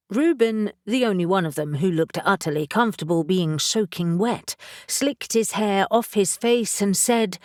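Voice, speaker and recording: A woman narrating a fantasy audiobook in a measured, even storytelling manner. Her voice sits at a middle pitch. The recording is dry and close. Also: no room sound. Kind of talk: scripted narration.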